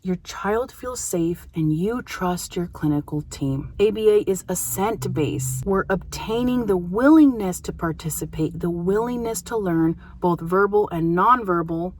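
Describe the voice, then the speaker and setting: A woman in her thirties, a behavior analyst, talking casually and earnestly to parents, with emphatic pauses. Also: fairly low pitch, a little hiss or hum. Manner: earnest, warm-hearted advocacy with emphatic pauses. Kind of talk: casual educational talk to parents.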